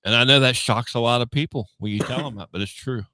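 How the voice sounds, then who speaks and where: A man's voice: mid-range voice, quick pace, bright, forceful tone, no echo. A man co-hosting a casual talk show, mostly agreeing with short replies. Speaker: podcast co-host. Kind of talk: casual chat.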